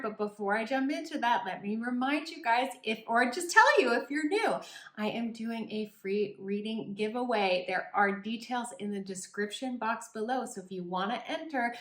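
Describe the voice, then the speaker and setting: A young woman with a slightly high, somewhat bright voice hosts a casual tarot reading to camera from home. As the channel's reader, she gushes affectionately, filling her talk with ums and likes.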